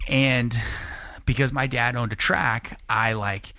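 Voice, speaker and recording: A man's voice: medium pitch, takes it slowly, no echo, studio quality. A man in his late twenties telling a long, rambling, profane story in a casual podcast chat. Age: late 20s. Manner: rambling, profane, animated when acting out quotes. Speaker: podcast guest.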